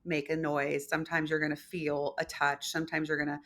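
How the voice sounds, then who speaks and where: A woman speaking as a psychic medium guest in a casual podcast conversation, emphatic and animated, explaining with rhetorical questions. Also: deep voice, brisk.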